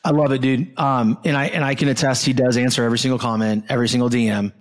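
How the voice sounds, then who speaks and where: A man in his thirties, from Florida, hosting a casual interview chat, blunt and excitable, swearing freely and calling his guest "dude". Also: medium pitch, quick pace. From Southwest Florida. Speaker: podcast host.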